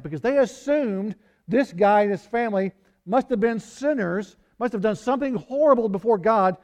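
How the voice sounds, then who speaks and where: A man's voice: sits high, expressive, a little fast, a little mellow. A man preaching a conversational Bible sermon, acting out quoted lines with small laughs and sighs. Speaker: pastor.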